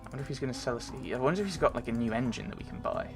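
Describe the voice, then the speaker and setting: A man's voice: mid-range voice, expressive, very fast, creaky, over music. A man giving casual, rambling commentary while playing a game, thinking aloud and reading on-screen text. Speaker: let's play gamer.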